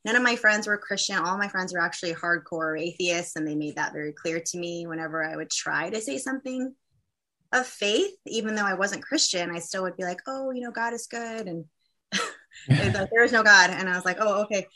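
A woman speaking as a guest in a conversation, telling a personal faith testimony in a candid, halting way with many fillers and restarts. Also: lowish voice, sharp tone.

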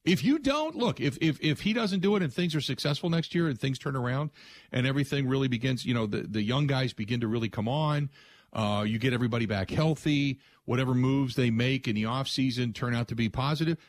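Male talk-radio host, emphatic and rambling, mid-pitched voice, dry studio mic. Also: a little fast, no echo. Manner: emphatic, rambling with frequent restarts. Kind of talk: opinionated sports talk radio monologue.

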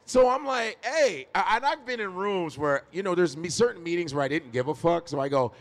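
Animated, foul-mouthed comedian. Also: male voice, sits high, fairly quick. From Chicago. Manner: animated storyteller, swears freely, laughs often. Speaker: stand-up comedian, podcast guest. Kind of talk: casual interview chat. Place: live podcast stage.

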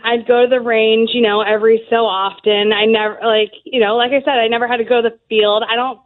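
A woman's voice: a little high, little pitch movement, fairly quick, slight background noise. A woman guest telling service stories in a casual, laughing way, full of "like" and "um". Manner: chatty, laughs often, fillers like "like" and "um". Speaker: guest, Army veteran. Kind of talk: casual interview storytelling. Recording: tinny phone-like line.

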